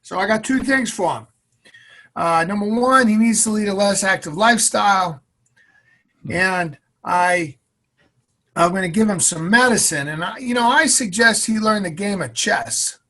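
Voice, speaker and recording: A man's voice: sits high, normal speed, pushed and bright, pitched above the performer's own voice, heavily acted. A man voicing an elderly doctor with a Boston accent and a nasal voice, delivering a blunt diagnosis in a storytelling interview. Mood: matter-of-fact.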